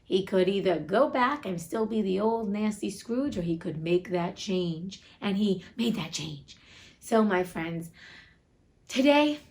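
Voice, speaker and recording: A woman's voice: mid-range voice, animated, unhurried, a little mellow. Chatty, blunt woman hosting a casual book read-aloud with frank commentary. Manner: chatty, blunt, swears in asides. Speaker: host reading classic books aloud.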